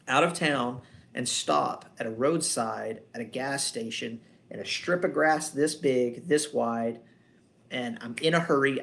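A male dog trainer talking through his methods in a relaxed, off-the-cuff manner. He drifts between points, asks rhetorical questions and fills pauses with hesitations. His voice sits at an everyday middle pitch. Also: creaky. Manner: conversational, rambling, rhetorical questions. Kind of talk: casual instructional talk.

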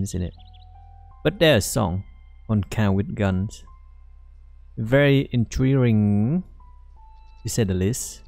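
A man giving halting, rambling commentary while playing a game, with many fillers. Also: on the low side, mellow. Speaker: let's play host. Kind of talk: casual gameplay commentary.

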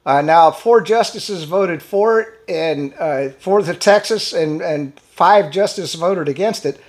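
A man's voice: high-pitched, measured pace. A middle-aged man giving rambling solo political commentary, blunt and indignant, restarting sentences and swearing casually. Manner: rambling, repeats words, frequent fillers and restarts. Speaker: political commentary channel host.

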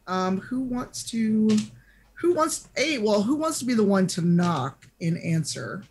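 A woman narrating an online tabletop game as game master, chatty and halting with lots of fillers. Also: mid-range voice, sing-song, darkish tone, husky. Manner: chatty, hesitant with many fillers.

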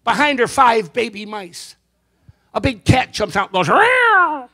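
A man doing a stand-up comedy routine before a live audience, telling jokes and slipping into quick character voices. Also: high-pitched, a bit bright. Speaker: comedian and magician.

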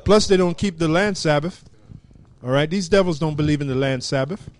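Brief: man with a raised pitch, stumbling explainer in a casual talk. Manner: halting, many fillers, explaining word meanings. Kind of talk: casual scripture discussion.

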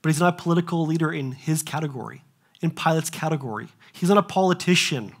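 A young adult man preaching a sermon as pastor, animated, asking rhetorical questions and acting out the voices he quotes. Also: fairly high pitch, fast, breathy edge.

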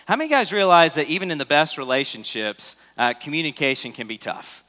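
In a reverberant church auditorium, a pastor delivers a sermon in a fairly high, sing-song voice with a quick pace and a sharp tone. He keeps it casual, speaking conversationally and putting questions to the people listening.

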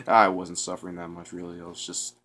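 A man's voice: low voice, little pitch movement, moderate pace, bright, forceful tone, no echo. Young guy vlogging outside on his camera, rambly, laying the drama on thick. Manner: rambling, mock-dramatic self-pity. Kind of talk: casual vlog to camera. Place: outdoors outside a house.

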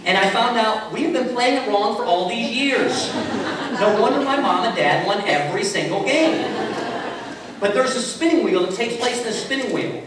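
A man preaching a sermon as a pastor, telling stories in a relaxed, conversational way with self-mocking humor. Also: high-pitched, normal speed. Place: large echoey church sanctuary. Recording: echoey hall from far off with faint hiss.

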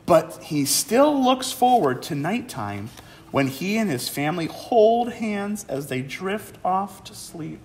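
A male museum educator reading a picture book aloud to young children. His voice sits high and bounces around in an encouraging, sing-song way. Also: big pitch swings, slow pace, echoey room, slight background noise. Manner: warm, encouraging, talks to young kids. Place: museum program room.

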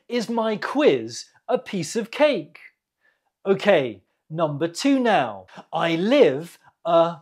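Quiz-host teacher with a husky tone, very slow, lively rise and fall, repeats every word for learners. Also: medium pitch. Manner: repeats each word clearly, pauses for the listener. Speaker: English teacher hosting a quiz.

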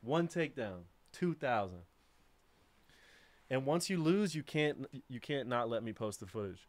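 A man's voice: medium pitch, expressive, a little slow, no echo. Man hosting a laid-back livestream. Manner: laid-back, rambling, laughs easily. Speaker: livestream host. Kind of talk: casual livestream chat.

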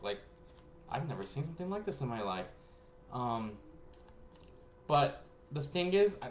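A man telling a rambling personal story to his viewers. He laughs often and swings between hushed asides and excited bursts. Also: mid-range voice. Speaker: spiritual reader and vlogger. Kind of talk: casual rambling storytelling to camera. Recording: echoey room with faint background noise.

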